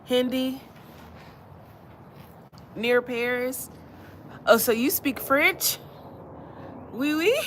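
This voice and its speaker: A woman's voice: high-pitched, steady tone, drawn-out words, pauses often, a little hiss or hum. A woman from Alabama with a Southern accent, hosting a casual livestream chat, easygoing and laughing often as she repeats her phrases. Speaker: livestream host.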